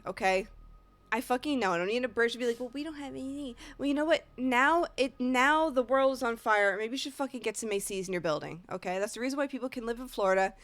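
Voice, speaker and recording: A woman's voice: fairly high pitch, fairly bright tone, no room sound. A woman with a Northeast American accent, a streamer telling a rambling, profane story in casual chat. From Northeast United States.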